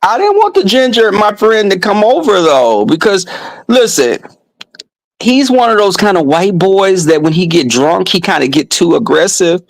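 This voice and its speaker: Brash gravelly man telling crude stories. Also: high voice, animated, measured pace, no echo, rough recording. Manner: flamboyant, brash, swearing freely. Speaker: vlogger. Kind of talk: crude comedic storytelling to viewers.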